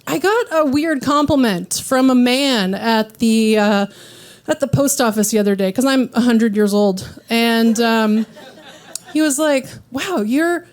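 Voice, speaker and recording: A woman in her thirties hosting a stand-up comedy set, self-deprecating and animated as she acts out what others say. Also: fairly high pitch, measured pace. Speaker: comedy show host. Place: live comedy venue with audience.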